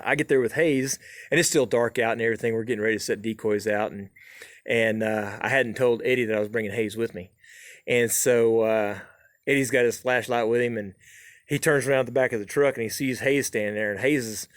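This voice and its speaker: A middle-aged man spins a folksy tall tale in an easygoing drawl, stringing it along with "and so." His voice sits at an ordinary middle pitch. It is recorded close and dry in a small home studio. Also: fairly even intonation, fairly quick, no echo. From southern Oklahoma. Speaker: storyteller host.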